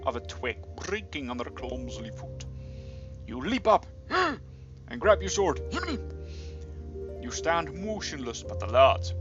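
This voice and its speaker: Bright, animated young man reading a gamebook. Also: fairly high pitch, highs cut off. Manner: playful, animated, breaks in with jokey comments. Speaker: reader of a gamebook. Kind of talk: gamebook reading with joking asides.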